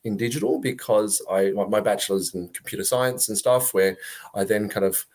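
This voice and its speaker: A man's voice: fairly low pitch, animated, moderate pace, darkish tone. An Australian man talking as an interview guest, chatty and joking, full of fillers and restarts. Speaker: guest, web agency founder. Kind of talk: casual interview talk.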